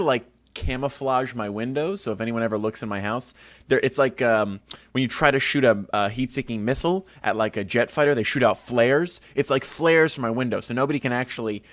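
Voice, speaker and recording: A young man hosts a podcast from his home studio, rambling through stories full of crude jokes at his own expense. His voice is medium-pitched with a fairly bright tone, and there's no room sound at all.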